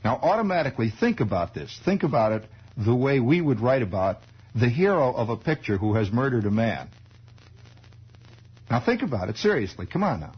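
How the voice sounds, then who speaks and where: An American radio host in his forties tells a wandering story full of wry asides. His mid-pitched voice is very husky and breathy. The archival recording sounds dull and muffled. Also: very animated, a little fast. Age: 40s. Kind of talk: improvised radio monologue.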